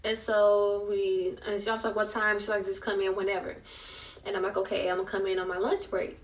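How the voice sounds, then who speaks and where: Talking a little fast with little pitch movement, this young vlogger has a medium-pitched voice and sits far from the mic. In a chatty, emotional way, she recounts a personal story and performs the voices of everyone involved.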